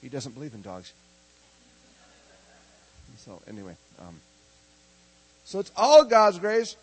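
A middle-aged man from Minnesota preaching a lively, humorous sermon and calling on the congregation to answer back. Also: on the high side, takes it slowly, over music, poor audio. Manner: animated, joking, calls for congregation response. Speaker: preacher teaching a prophetic ministry school.

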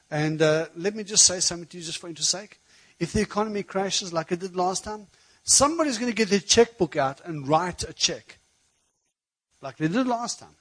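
A man preaching a sermon, telling a personal story in a conversational, animated way. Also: high-pitched, a little fast, rough recording.

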